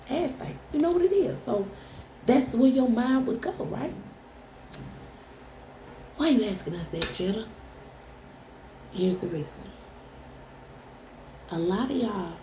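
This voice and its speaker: A woman's voice: fairly high pitch, vocal fry, dark tone, reverberant, a little hiss or hum, low-quality recording. A woman tarot reader talking straight to her viewers in a blunt, profane, teasing way. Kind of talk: casual direct-to-camera chat.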